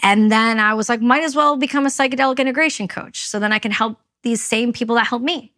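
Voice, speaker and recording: A woman's voice: a little high, quick pace, fairly bright tone. A woman from Canada, a veteran and podcast guest, telling her story candidly and with emphasis, acting out what others said. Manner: candid, emphatic, acts out quoted speech. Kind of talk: personal storytelling in interview.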